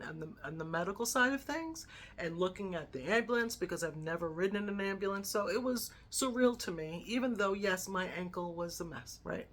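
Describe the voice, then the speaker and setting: This is a woman in her fifties with a somewhat low voice. She retells a personal story in a casual, animated way and often tags her sentences with a quick "right?". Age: 50s. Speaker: lifestyle vlogger.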